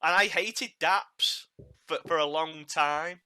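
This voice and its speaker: A man's voice: a little high, takes it slowly, sharp tone, clean tone. A man hosting a podcast, chatting casually and animatedly, laughing at his own mishaps and repeating words as he goes. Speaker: podcast host.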